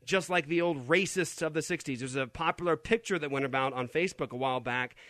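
An emphatic male talk show host who argues with open disbelief. He carries a fairly high voice, recorded dry and close with no room sound. He delivers opinionated Christian commentary. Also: fast, fairly bright tone, dry recording. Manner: emphatic, incredulous, argumentative.

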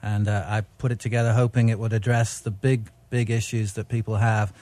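A man who is a guest author, explaining his views in a measured way during a discussion. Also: fairly low pitch, flat delivery, darkish tone.

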